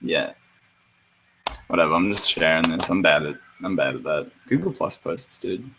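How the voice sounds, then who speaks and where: A man co-hosting a casual gaming podcast, sarcastic and quick to swear, laughing often as he chats. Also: low voice, very animated, pushed and bright, slight background noise, rough recording. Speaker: podcast co-host. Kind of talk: casual chat.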